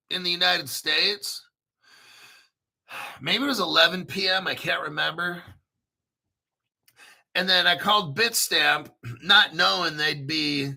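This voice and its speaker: A man hosting a crypto show in a casual livestream rant, profane and brash, often clearing his throat. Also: a little high, bright, forceful tone.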